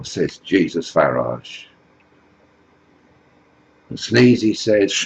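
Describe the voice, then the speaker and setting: A man's voice: on the low side, big pitch swings, slow pace, creaky, long pauses, lo-fi sound, a little hiss or hum. A man telling a satirical comic story in a rambling, chatty way. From England. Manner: rambling, full of "you know" and "like".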